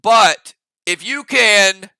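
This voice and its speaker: High, gravelly-voiced man chatting on stream. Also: very slow, pushed and bright, no room sound. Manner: rambling, thinks aloud with restarts, talks straight to chat. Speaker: live-stream host reacting to a TV episode. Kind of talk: live-stream reaction chat.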